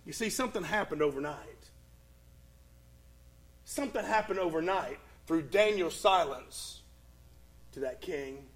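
A man preaching a sermon and retelling a Bible story, with dramatic pauses and swings from loud to hushed. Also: a little high, expressive.

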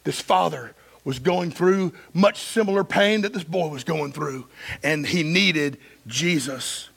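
Male pastor, impassioned sermon, bright and tense tone, gravelly edge. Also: fairly high pitch, measured pace. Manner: impassioned, swinging from loud emphasis to hushed.

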